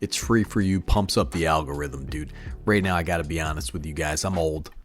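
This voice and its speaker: A man's voice: extremely low pitch, fairly quick, faint music behind. A middle-aged man hosting his channel, talking casually and jokingly about card game picks, calling listeners dude and bro. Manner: laid-back, jokey, calls listeners dude and bro. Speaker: channel host.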